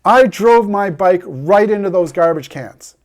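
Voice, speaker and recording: A man's voice: sits high, expressive, measured pace, a little mellow. A man speaking straight to the viewer as a heartbreak coach, earnest and persuasive, giving a motivational talk. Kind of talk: direct-to-camera motivational talk.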